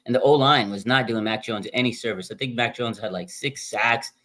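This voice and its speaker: A man's voice: medium pitch, brisk, bright, forceful tone. Frustrated young man venting. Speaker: fan streamer. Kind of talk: casual live-stream rant.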